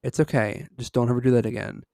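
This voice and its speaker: A man reading aloud, voicing a large police officer who speaks calmly and jokes a little. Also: mid-range voice, quick pace, creaky, dry recording, studio quality, natural voice. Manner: wry, calm.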